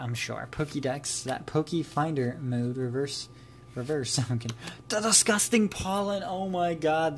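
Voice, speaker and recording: A man talks through a card pack opening in a loose, chatty way, reading off card names and laughing at his own asides. His voice sits in an ordinary middle pitch over a faint steady hiss. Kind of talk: casual unboxing commentary.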